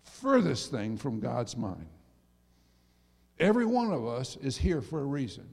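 A middle-aged male pastor preaching a sermon, dropping to soft asides and rising to loud emphasis. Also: mid-range voice, sing-song, measured pace, creaky, breathy edge. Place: church sanctuary. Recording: long reverb of a church hall.

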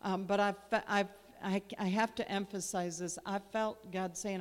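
A woman's voice: mid-range voice, steady tone, normal speed, few pauses. A woman guest minister praying and preaching with fervent, repetitive, emphatic phrasing in a church. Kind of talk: prayer and sermon. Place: church sanctuary. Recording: long reverb of a large church hall.

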